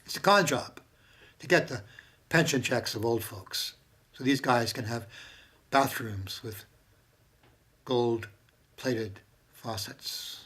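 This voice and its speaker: A man talking casually to camera at home, impassioned and profane, swinging from loud bursts to hushed whispers. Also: medium pitch, expressive, measured pace, long pauses, breathy edge. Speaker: monologuing about strangers and religion. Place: home with maps on the wall. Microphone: handheld camera.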